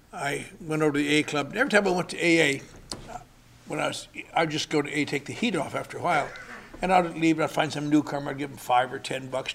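A man's voice: a little high, vocal fry, fairly bright tone, slight background noise. An older man sharing his recovery story with dry, wry humor at a convention. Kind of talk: recovery meeting talk. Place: convention hall.

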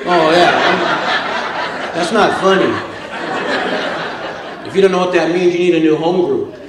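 A man's voice: on the high side, unhurried, roomy sound, a loud crowd, heavy background noise. A man telling a humorous recovery story to a meeting audience, with a wisecracking, tough-guy delivery. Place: meeting room with a live audience.

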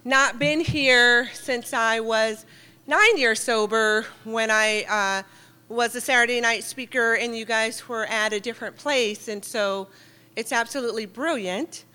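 A middle-aged woman giving a lively, joking and heartfelt talk to an audience in a meeting hall. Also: fairly high pitch, measured pace, clear, resonant tone. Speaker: guest speaker at a recovery meeting.

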